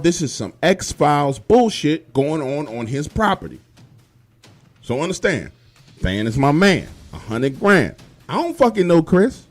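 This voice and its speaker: A male storyteller recounts a creepy night in a loose, profane, emphatic way. His pitch swings animatedly from line to line. Soft music plays underneath. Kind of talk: first-person horror storytelling.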